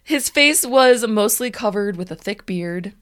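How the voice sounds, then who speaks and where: A woman's voice: mid-range voice, animated, measured pace, a bit bright. A woman podcast host narrating a story in a casual, wry way, with fillers.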